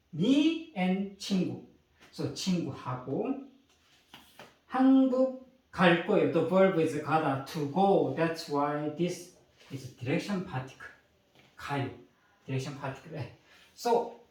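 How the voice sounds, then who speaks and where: A man's voice: on the high side, far from the mic. A man with a Korean accent, a native Korean speaker teaching a grammar lesson in English, explaining step by step and often checking with "okay?" and "right?". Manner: switches between English and Korean example phrases. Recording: echoey room, voice away from mic.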